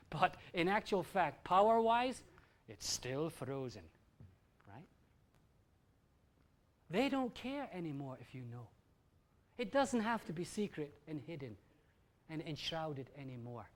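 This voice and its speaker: A Scottish man speaking live to a festival audience, his pitch swinging widely as he talks. He is blunt and often profane, and he keeps turning to the crowd with quick questions. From Scotland.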